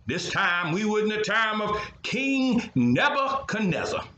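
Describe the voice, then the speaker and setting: Lively old storyteller man. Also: sits high, a little slow, roomy sound, dull audio. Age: older. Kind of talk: animated storytelling with sound effects.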